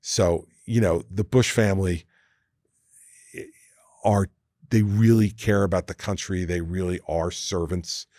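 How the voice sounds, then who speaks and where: Deep-voiced older man telling stories. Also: a little slow, no room sound, studio quality. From United States. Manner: anecdotal, quotes others in lively impressions. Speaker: guest, former governor. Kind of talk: storytelling interview chat.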